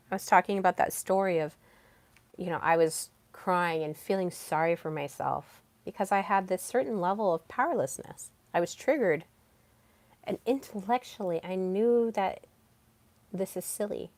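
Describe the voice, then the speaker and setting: A woman hosts a solo podcast in a candid, casual way, dropping curse words as she shares personal stories. Her voice sits on the lower side. The sound is dry and close. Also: no echo. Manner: frank and casual, swears freely, self-disclosing. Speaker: podcast host.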